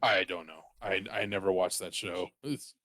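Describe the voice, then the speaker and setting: A man's voice: deep voice, moderate pace, fairly bright tone. A man co-hosting a podcast in casual chat, laid-back and teasing his friend. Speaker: podcast co-host.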